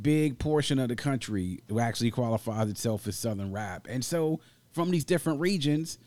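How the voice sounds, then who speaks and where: A man from the Washington, D.C. area co-hosts a podcast, chatting casually in a mid-range voice. He's animated, laughs a lot and talks at length, recorded dry in a room without echo.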